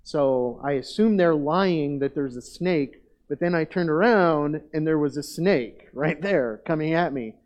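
A man delivers a casual, story-filled sermon, his voice sitting a little high. He talks in loose, rambling sentences, often restarting them, and perks up when a funny story takes off. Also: unhurried, hardly any pauses. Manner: conversational, rambling, frequent restarts; animated when telling funny stories. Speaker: pastor. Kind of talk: sermon with personal stories.

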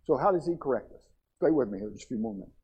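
A man preaching a sermon in a church, fervent, swinging between loud and quiet. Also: mid-range voice, lively intonation, very fast, breathy edge, lo-fi sound. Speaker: pastor.

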